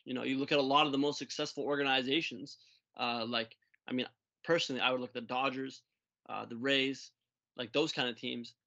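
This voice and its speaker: A man with a mid-pitched voice co-hosts a sports podcast in casual, hesitant talk full of small restarts. His audio sounds dull and lo-fi, as if the highs were cut off. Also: fairly even intonation, a little fast, creaky, sharp tone. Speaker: podcast co-host.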